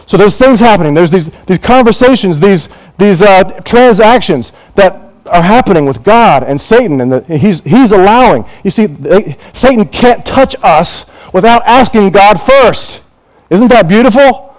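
Animated middle-aged man preaching a sermon. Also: moderate pace, rough recording. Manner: animated preaching, voices quoted figures, lively rises in pitch. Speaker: pastor. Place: church in Hong Kong.

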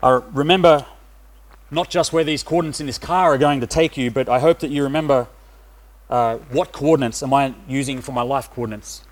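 A man's voice: mid-range voice, fairly quick. Hesitant middle-aged male preacher. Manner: hesitant, many "uh" fillers. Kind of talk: sermon.

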